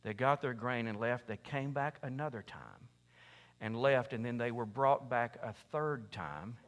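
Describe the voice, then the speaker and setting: A male pastor preaching a sermon and telling a story in an animated way, swinging from hushed to loud. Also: medium pitch, unhurried. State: overheated in a sweatshirt.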